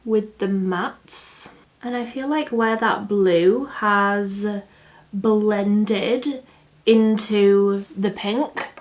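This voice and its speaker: Young woman doing a makeup tutorial, slow easy talk, chatty, laughs at herself. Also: mid-range voice. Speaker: beauty vlogger. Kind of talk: casual makeup tutorial chat.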